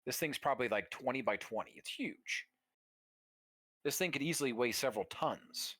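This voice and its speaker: A man's voice: medium pitch, lively intonation, moderate pace, sharp tone, no echo, clean studio sound. A man running a tabletop game as game master, describing scenes vividly with casual fillers.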